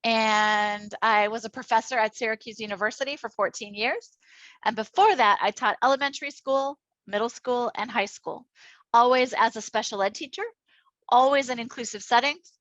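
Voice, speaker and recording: A middle-aged woman from Minnesota leading an online workshop on inclusive education, enthusiastic and chatty with quick asides. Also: a little high, fairly bright tone, dry recording, lo-fi sound. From Minnesota, United States. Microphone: computer mic on a video call.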